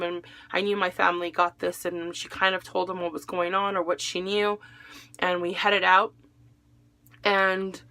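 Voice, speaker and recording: A woman's voice: medium pitch, gravelly, sharp tone. A young adult woman recounting a painful day in a personal vlog, emotional as she relives events and quotes the people she spoke with. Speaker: widow telling her story.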